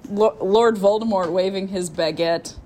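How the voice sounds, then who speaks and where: A woman's voice: medium pitch, unhurried, darkish tone, slight background noise. A woman co-hosting a casual podcast, playful and giggly, teasing her friends. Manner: giggly, playful, self-mocking. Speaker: podcast co-host. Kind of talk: casual chat.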